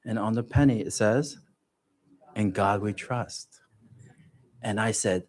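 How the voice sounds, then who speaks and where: A man giving a personal testimony at a church livestream, telling his story in an animated way and joking about himself. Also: mid-range voice, moderate pace. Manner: animated storytelling, self-joking, laughs often. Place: church gathering.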